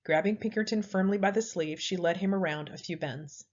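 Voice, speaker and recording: A woman's voice: medium pitch, brisk. Woman reading a children's story aloud. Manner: expressive lively reading. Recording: slightly dull lo-fi audio.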